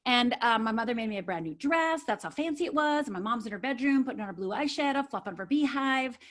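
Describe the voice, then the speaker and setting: Slightly high with lively intonation and a quick pace, this life coach from Upper Michigan, USA, shares a personal story as a podcast guest. She speaks with earnest emphasis and keeps asking "right?"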